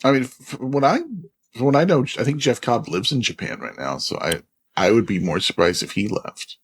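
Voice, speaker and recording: A man co-hosting a podcast in casual chat, animated and often stumbling over his words. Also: medium pitch, a little fast, husky. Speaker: podcast co-host. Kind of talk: casual chat about wrestling.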